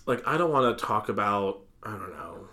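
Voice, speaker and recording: Brief: male co-host, bright tone, easygoing and agreeable banter. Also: fairly low pitch, expressive, normal speed. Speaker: podcast co-host. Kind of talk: casual chat.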